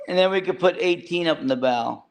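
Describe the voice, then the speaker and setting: A man's voice: fairly high pitch, a little fast, vocal fry. A man, a fishing boat captain, talking plainly in an interview and often repeating words as he goes. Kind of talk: casual interview.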